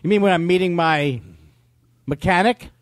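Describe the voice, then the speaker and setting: A man guest on a comedy podcast, teasing the host with rapid mock-serious questions. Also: high voice. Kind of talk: casual comedic chat.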